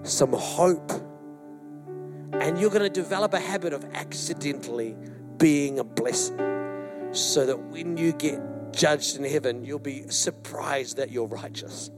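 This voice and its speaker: Animated male pastor telling a story. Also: fairly high pitch, unhurried, music in the background. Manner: animated storyteller, acts out quotes, addresses congregation. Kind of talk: sermon with storytelling. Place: church hall.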